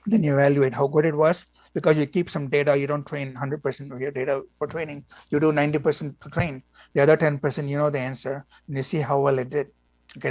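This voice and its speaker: A man's voice: mid-range voice, no room sound. A man lecturing a class on machine learning, blunt and opinionated, with many fillers like "you know" and "okay".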